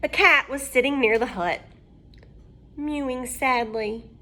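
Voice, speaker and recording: A woman reading a children's storybook aloud, expressive and asking her listeners questions. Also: high-pitched, slow pace.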